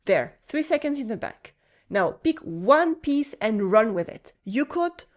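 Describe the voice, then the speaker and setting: A woman with a French accent teaching French, narrating a calm, encouraging scripted lesson. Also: a little high, unhurried. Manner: calm, encouraging, acts out short French dialogue lines.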